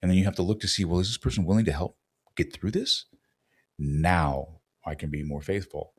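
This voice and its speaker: Deep-voiced man, emphatic and punchy. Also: a little fast, slightly rough. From Los Angeles. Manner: emphatic, preachy, punchy short lines. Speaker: podcast guest, actor. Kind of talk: casual interview chat.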